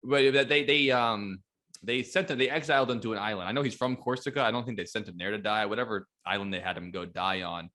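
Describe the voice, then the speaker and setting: A man's voice: on the low side, fast, pushed and bright. A man co-hosting a podcast in casual chat, with joking, profane banter. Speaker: podcast co-host.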